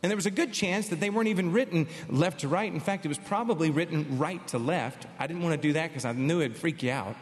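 A man preaching a sermon with emphatic, animated delivery and storytelling asides. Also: fairly high pitch, fast, hardly any pauses, long reverb tail. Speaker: pastor.

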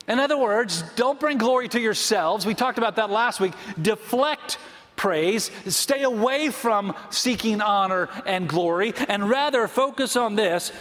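Guy preaching in a big echoey church, high voice, slows way down to hit points. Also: expressive, fairly bright tone. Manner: storytelling preacher, emphatic slow phrases. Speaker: pastor. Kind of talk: sermon.

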